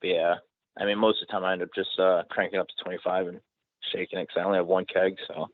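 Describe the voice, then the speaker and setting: A man's voice: deep voice, little pitch movement, fast talker, a little hiss or hum. A man hosting a podcast in casual conversation, easygoing and self-deprecating. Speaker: podcast host. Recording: dry, phone-like audio.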